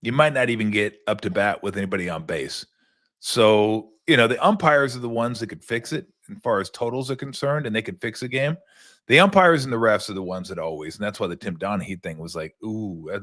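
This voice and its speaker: An older man hosts a sports talk show in a loose, rambling monologue, tossing in profane and sarcastic asides. His voice sits on the low side. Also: animated, a little fast, a bit bright.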